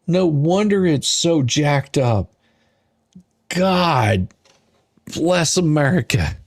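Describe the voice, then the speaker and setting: Exasperated male commentator, slow and husky, dry close sound, sarcastic rant. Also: a little high, expressive, no room sound. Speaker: commentator reading a court filing. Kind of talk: ranting commentary.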